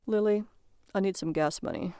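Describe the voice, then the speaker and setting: A woman's voice: fairly low pitch, huge pitch swings, normal speed, vocal fry, dark tone, clear, resonant tone, dry recording, studio quality, full character voice. Woman voicing dim husband, eager, defensive, earnest. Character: dim, eager husband who collects junk.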